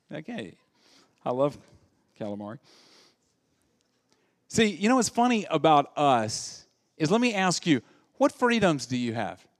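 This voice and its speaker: Southern male pastor, middle-aged, preaching a comic sermon, lively delivery with acted-out voices, slightly high pitch. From American South. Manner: animated, jokey, acts out quoted voices. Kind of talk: humorous sermon.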